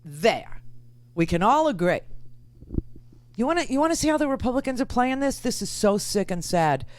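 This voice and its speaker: A woman's voice: fairly high pitch, big pitch swings, moderate pace. A woman radio host giving sarcastic, ranting political commentary.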